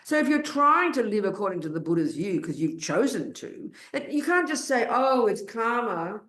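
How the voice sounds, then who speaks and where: A woman with an Australian accent giving a Buddhist dharma talk in an animated, blunt and emphatic way. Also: medium pitch, fairly quick, roomy sound. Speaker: Buddhist teacher.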